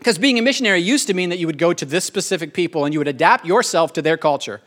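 Fast-talking and animated, a middle-aged male pastor delivers his sermon in a rather high voice for a man, frequently slipping into lighthearted jokes along the way.

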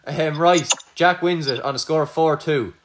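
A man's voice: on the high side, normal speed, slight background noise. A young Irish man running a casual quiz between friends, teasing and swearing freely. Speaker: quizmaster. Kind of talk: casual chat.

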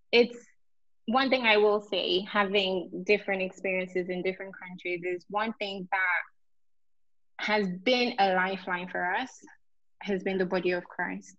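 A woman from Nigeria, a guest on a video call, who talks in a warm, animated way and laughs easily. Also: mid-range voice, no room sound. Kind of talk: casual video-call interview. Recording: dry, slightly dull audio.

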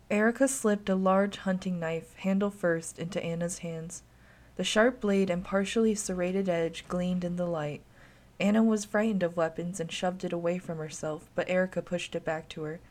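A woman narrating a dark story in an even, measured reading voice. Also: on the low side.

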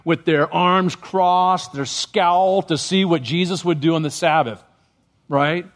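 A man's voice: high voice, unhurried. A man preaching a sermon as pastor, often checking in with the congregation with questions. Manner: asks the congregation questions, rising when stirred.

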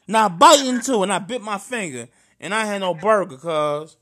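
Animated, bright-voiced St. man. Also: sits high, normal speed. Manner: loud, animated storyteller, slangy and emphatic. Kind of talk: casual chat between cousins.

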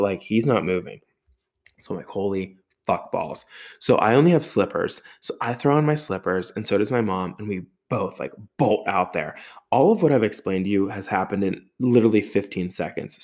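Low-voiced male storyteller, animated, casual, a bit profane. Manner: animated storyteller with sound effects and swearing. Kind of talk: storytelling monologue.

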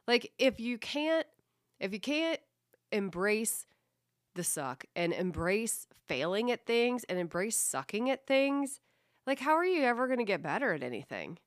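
A woman's voice: on the high side, sing-song, a little slow, no echo, clean studio sound. A woman hosting her own podcast, talking casually and bluntly, with lots of swearing and self-deprecating jokes. She also coaches kids in fitness. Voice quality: voice described as a radio voice. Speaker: podcast host. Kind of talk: casual solo podcast monologue.

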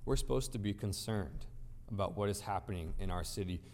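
Here a man with a lowish, slightly mellow voice preaches a bit fast to a gathered crowd, with some light background noise. He is emphatic and rhetorical, layering points through repetition and questions. The recording has a large hall's long reverb.

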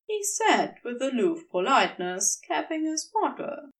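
A woman narrating a fan story aloud as a podfic reader, unhurried and expressive. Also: fairly high pitch, recorded from a distance.

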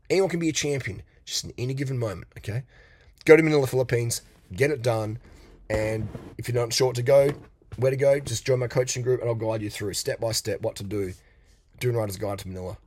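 A man's voice: medium pitch, breathy edge, no echo. A middle-aged man giving a blunt, profane motivational rant as a coach, mocking and laughing often. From Australia.

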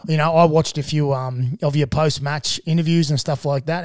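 Aussie male host, slightly high voice, friendly mate-and-bro chatter, dry close sound. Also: steady tone, normal speed, hardly any pauses, darkish tone, no echo. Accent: Australian. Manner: encouraging, chatty, calls guest mate and bro. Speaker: podcast host. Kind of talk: casual podcast interview.

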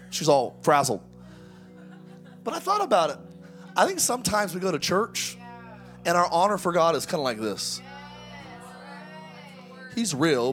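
A man in his thirties preaching a sermon, energetic and exhortative, with humorous asides. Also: on the high side, measured pace, long pauses, soft background music. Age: 30s. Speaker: pastor.

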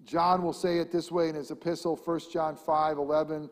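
A man's voice: a little high, little pitch movement, normal speed, hardly any pauses. A man preaching a sermon as pastor, impassioned, repeating rhetorical questions and building to emphatic peaks. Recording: long hall reverb.

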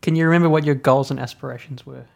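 A woman's voice: very deep voice, steady tone, fast talker, creaky, darkish tone. A woman with an Australian accent hosting an interview, asking questions in a playful, teasing way. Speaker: host. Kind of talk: casual interview chat.

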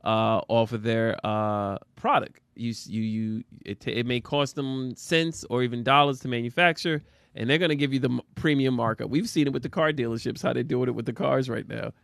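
Male co-host, teasing and quick to laugh, mid pitch, dry close sound. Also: fairly even intonation, gravelly, fairly bright tone, no room sound. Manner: laughs often, teasing exclamations. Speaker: podcast co-host; father of a son and daughter. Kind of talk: casual chat.

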